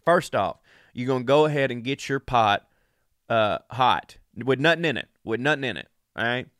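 A man's voice: mid-range voice, animated, normal speed, fairly bright tone, smooth, no echo, studio quality. A sick man, talking casually and profanely straight to his listeners in a podcast monologue. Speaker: podcast host.

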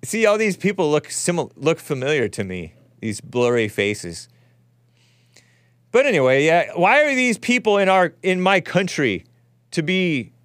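A man's voice: a little high, fairly bright tone, dry recording. A male host giving rambling, wry live-stream commentary on footage, often chuckling to himself.

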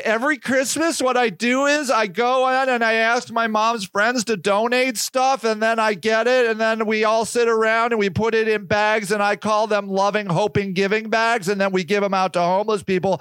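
Man doing a eager ten-year-old girl, earnest, high voice, dry close sound. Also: steady tone, moderate pace, few pauses, a bit bright, clean tone, dry recording, poor audio.

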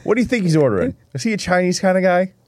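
A man's voice: high voice, big pitch swings, rapid-fire, darkish tone, a little hiss or hum. A man co-hosting a casual podcast, tossing in joking one-liners. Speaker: podcast co-host.

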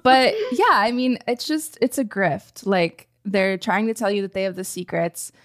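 A woman co-hosting a podcast in casual chat, measured and critical, with lots of fillers. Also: medium pitch. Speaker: podcast co-host.

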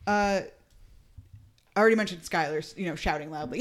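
A podcast co-host in casual chat, enthusiastic and laughing, full of quick asides. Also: mid-range voice.

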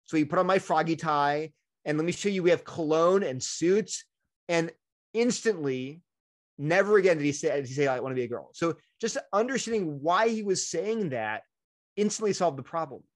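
Middle-aged male interview guest, slightly high voice, animated, drops into quick character voices for quotes. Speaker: guest speaker. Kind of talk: conversational interview answer.

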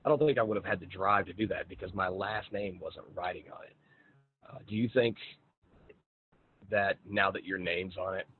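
A man hosting a podcast, asking questions in a relaxed, laid-back way with plenty of fillers. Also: low voice, normal speed, pauses often. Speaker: podcast host. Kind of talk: casual interview chat. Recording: tinny phone-like line, faint noise.

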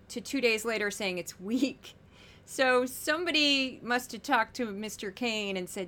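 A woman hosting a podcast, giving chatty, wry commentary on news clips with animated asides. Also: on the high side, moderate pace. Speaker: podcast host. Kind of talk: casual commentary.

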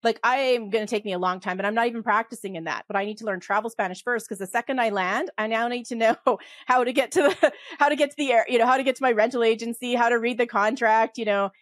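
A middle-aged woman with a Western Canadian accent, a podcast guest talking fast and animatedly in casual conversation, often laughing and restarting her sentences. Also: on the high side, no echo. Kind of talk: casual interview talk.

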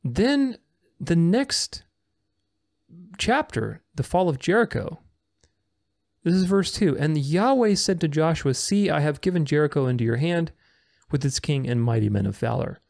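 Guy doing a bible lesson, fairly high voice with a gravelly edge, dry sound, leans hard on key words. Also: expressive, measured pace, pauses often, a little mellow, no room sound. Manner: emphatic, repeats words for stress, reads verses aloud. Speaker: bible teacher. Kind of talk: scripture teaching.

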